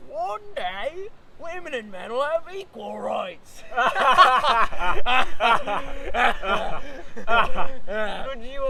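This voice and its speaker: A man's voice: very high-pitched, creaky, heavily acted. A man voicing a boastful, crude British redcoat soldier with a put-on British accent in an amateur audio drama. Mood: mocking. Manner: crude, mocking, loose-lipped.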